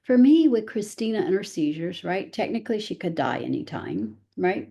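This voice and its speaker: A woman's voice: on the low side, sing-song, moderate pace, gravelly, mellow. A middle-aged woman giving a chatty presentation to parents, with frequent "right?" asides and self-deprecating humor. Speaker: presenter and parent of a child with special needs.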